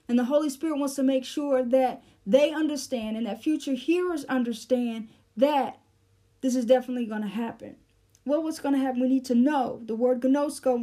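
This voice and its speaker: A woman with a high, soft-toned voice leads a verse-by-verse Bible teaching. She explains the meaning of each Greek word at an unhurried pace, pausing often with fillers and restarting her phrases. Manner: explanatory, breaks down Greek words, frequent fillers.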